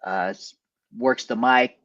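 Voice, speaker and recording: A man who photographs events and does stand-up comedy, chatting casually and telling stories with lively energy. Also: mid-range voice, takes it slowly, dry recording, muffled recording. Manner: animated storyteller, jumps into quoted voices. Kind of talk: casual chat.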